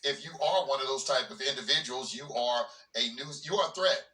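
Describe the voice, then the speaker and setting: Sharp-voiced man reading law with asides. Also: mid-range voice, brisk, far from the mic. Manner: breaks off reading for plainspoken asides, repeats words when he restarts. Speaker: host of a legal commentary channel. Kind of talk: reading a legal document aloud with casual commentary. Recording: roomy echo, voice from away from the mic.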